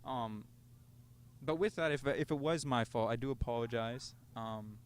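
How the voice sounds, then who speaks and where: A man's voice: medium pitch, normal speed, slight background noise. A young man co-hosting a casual podcast on a rooftop, telling stories in a laid-back way with swearing and laughter. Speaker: podcast co-host. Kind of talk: casual storytelling chat. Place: outdoors on a rooftop.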